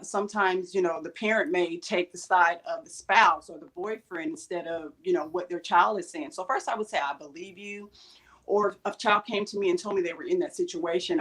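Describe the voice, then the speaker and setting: A woman's voice: lowish voice, fairly bright tone, slightly rough. A woman guest on a talk show, answering earnestly and directly about her life. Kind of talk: interview answers.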